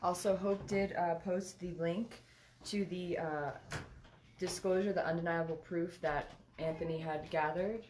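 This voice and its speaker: A woman co-hosting a livestream, reading viewers' comments aloud in a halting way with fillers. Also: on the low side, fairly even intonation, a little mellow, slight background noise.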